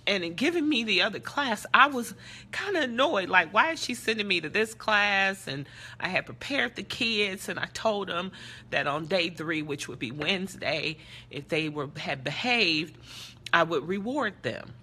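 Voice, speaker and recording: A woman's voice: fairly low pitch, sing-song, normal speed, pushed and bright, breathy edge. A middle-aged woman speaking passionately and earnestly, telling a story in a live social media talk. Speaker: character development teacher and speaker.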